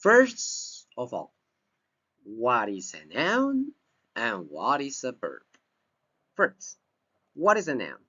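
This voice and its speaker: A man teaching an English grammar lesson from slides, speaking slowly and deliberately and repeating key phrases. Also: medium pitch, huge pitch swings, bright, forceful tone. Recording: dull lo-fi recording.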